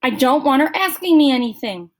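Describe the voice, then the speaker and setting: A woman's voice: sits high, lively intonation, normal speed. Woman doing Jeff, a surly snapping schoolboy. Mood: angry. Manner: curt, snapping. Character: surly, angry schoolboy loner.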